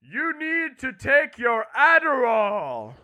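A bright, piercing voice of God put on by a man hands down orders as a commanding male deity. Every word is drawn out slowly. The pitch soars high and swings widely. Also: wildly swooping pitch, full character voice. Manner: slow, drawn-out pronouncements.

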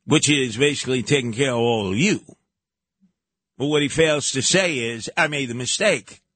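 A man's voice: medium pitch, moderate pace, a bit bright, no room sound. Combative New talk radio man. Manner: combative, sarcastic, mocking. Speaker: radio host. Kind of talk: opinionated talk radio commentary.

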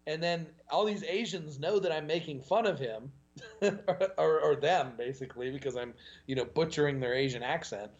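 A man guesting on a podcast, telling stories in an animated way and chuckling often. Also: fairly high pitch, normal speed, highs cut off. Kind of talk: casual podcast chat.

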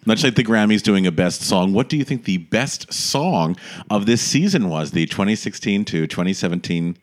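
Animated man hosting a chat show. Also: lowish voice, normal speed. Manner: animated, self-deprecating, laughs often. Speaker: podcast host. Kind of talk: casual chat.

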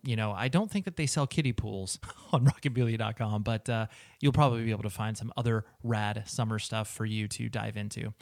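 A man's voice: mid-range voice, no echo, clean studio sound. A man hosting a podcast who reads a sponsor ad and then asks long, hesitant, rambling questions. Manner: rambling, hesitant, many fillers when asking questions. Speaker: podcast host. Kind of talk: ad read and interview questions.

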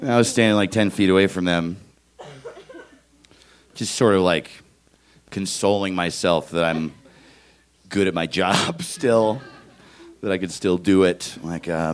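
A man from Los Angeles telling a comic story on stage, animated and given to shouting kid impressions. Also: low-pitched, a little slow, pauses often. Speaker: standup comedian telling a story. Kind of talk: live storytelling. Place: live stage before an audience.

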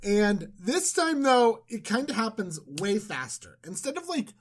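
A podcast co-host hams up a scripture story in casual slang. The delivery is animated and jokey, with a pitch that swings widely. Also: measured pace. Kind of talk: comedic Bible retelling chat.

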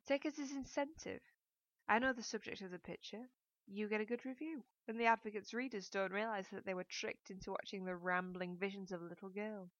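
A woman voicing a weary, calculating man who coolly presses for a favour, evasive and flat. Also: mid-range voice, brisk, no room sound, natural voice. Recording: dull, dry audiobook recording.

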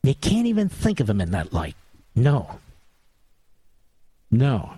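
A man's voice: medium pitch, huge pitch swings, takes it slowly, mellow, slightly rough, no room sound. A man hosting a talk radio monologue, sarcastic and mocking, with big theatrical swings in tone.

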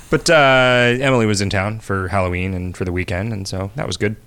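A man with a deep, low voice chats casually on a podcast. He rambles, trails off and laughs often at crude jokes. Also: fairly quick, hardly any pauses, fairly bright tone, smooth. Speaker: podcast co-host.

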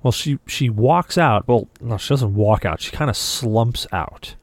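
A man on a gaming podcast spins a story with lots of play-acted dialogue, voice sitting at an ordinary middle pitch. The sound is dry and close, with no room echo at all. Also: expressive, unhurried. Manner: vivid storyteller who acts out quoted dialogue. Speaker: podcast co-host. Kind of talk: casual podcast chat.

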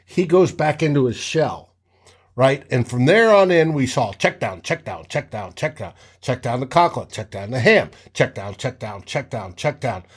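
A man hosting a casual sports talk show, telling game stories with animated re-enactments of players' shouts. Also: mid-range voice, moderate pace, slightly rough. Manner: animated, acts out players' shouts mid-story.

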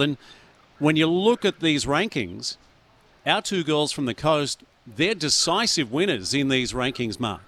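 A man's voice: on the high side, a bit bright. A man hosting a radio interview, asking questions conversationally. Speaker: radio host.

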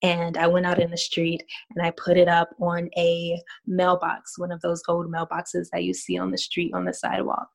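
A woman's voice: on the low side, completely flat delivery, moderate pace, gravelly, hardly any pauses, low-quality recording. A woman street artist telling a personal story in an earnest, reflective way, with frequent ums.

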